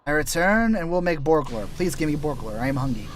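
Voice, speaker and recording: Here a male streamer chats casually during play in a slightly high, animated voice, moving a little fast. He keeps breaking off and restarting, and his dry, scratchy throat comes through as he casually teaches voice-acting tricks.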